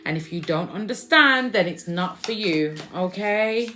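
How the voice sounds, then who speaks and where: A woman's voice: medium pitch, animated, measured pace, bright, forceful tone, a little hiss or hum. A woman doing a casual, chatty spiritual card reading, often repeating phrases she says she hears from spirit.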